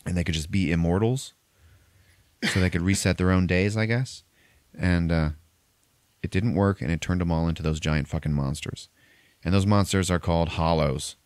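A man's voice: sits low, normal speed, long pauses, darkish tone, dry recording. A man hosting a podcast, recapping a film plot loosely with lots of swearing. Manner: loose, profane storytelling. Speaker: podcast host. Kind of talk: casual movie recap.

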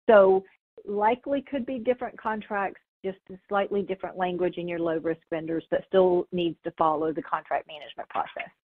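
A woman presenting a webinar, answering audience questions in a conversational, explanatory way while losing her voice. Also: lowish voice. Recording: tinny phone-like webinar audio.

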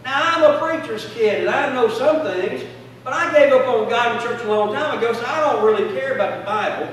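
Fervent preacher in an echoey church. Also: male voice, extremely high pitch, a little fast, slight background noise. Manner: fervent, call-and-response preaching. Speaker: pastor. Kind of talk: sermon. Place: church sanctuary. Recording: echoey church hall from a distance.

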